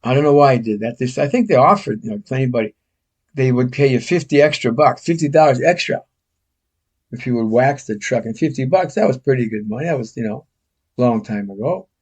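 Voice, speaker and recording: A man's voice: medium pitch, animated, brisk, darkish tone, husky. Older American man, casual storyteller, rambling and self-mocking.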